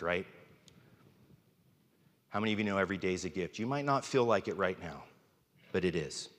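A man's voice: sits low, fairly bright tone. Candid male pastor in a reverberant hall. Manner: candid, informal, self-deprecating. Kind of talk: conversational sermon. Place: church sanctuary.

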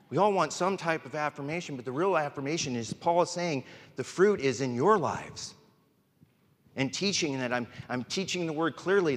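Preaching from the pulpit of a church sanctuary, a male pastor delivers a candid, conversational sermon full of self-deprecating humor. His voice sits on the high side and is a bit bright, echoing in a large hall.

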